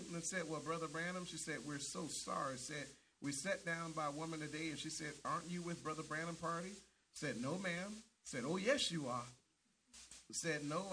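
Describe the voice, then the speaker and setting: A man's voice: fairly high pitch, bright, forceful tone, slight background noise. A man preaching a sermon with fervent emphasis, often repeating words as he restarts and punctuating lines with amens.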